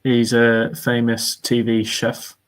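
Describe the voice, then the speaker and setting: A man's voice: mid-range voice, monotone, takes it slowly. A man co-hosting a podcast, rambling and chuckling through a casual chat over beers. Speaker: podcast co-host.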